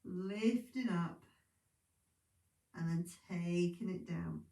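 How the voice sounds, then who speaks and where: A woman leading a pilates class, calm and encouraging, sounding sleepy. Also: lowish voice, takes it slowly, vocal fry, distant mic. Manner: calm, encouraging, chatty asides. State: sleepy, yawning. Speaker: pilates instructor. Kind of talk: guided exercise class instructions. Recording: echoey room, voice from off-mic.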